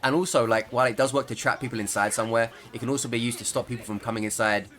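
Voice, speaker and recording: A man's voice: medium pitch, steady tone, racing, fairly bright tone. A man giving casual, rambling commentary over his own gameplay, joking and laughing as he talks. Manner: rambling, jokey, laughs often. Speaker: gaming YouTuber.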